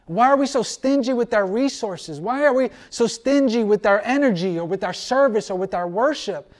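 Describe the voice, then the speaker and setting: A male pastor preaching a sermon, asking many rhetorical questions and slowing down to drive points home. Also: high-pitched, lively intonation.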